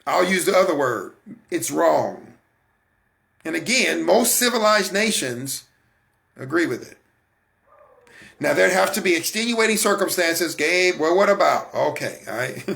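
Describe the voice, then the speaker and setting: A man hosting a faith broadcast, preaching about emotions in an animated way and talking straight to his listeners. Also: high-pitched, gravelly. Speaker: host. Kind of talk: motivational faith talk.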